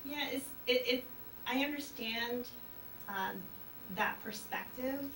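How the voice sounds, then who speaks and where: A woman's voice: a little high, slow, fairly bright tone. A woman speaking as a hypnosis client in a casual interview, hesitant and full of fillers. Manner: hesitant, many fillers, self-conscious. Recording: roomy, distant mic, noisy background.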